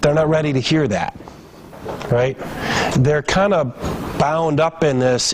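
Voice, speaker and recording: A man speaks slowly at medium pitch, pausing often, while running a grief training session for emergency staff in a training room. He keeps a conversational tone but acts out family members' words in a raised voice, and a little hiss or hum is present.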